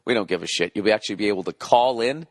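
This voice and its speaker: Man, middle-aged, podcast host, rambling, profane, sarcastic, lowish voice, dry sound. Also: racing, no echo. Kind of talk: solo podcast monologue.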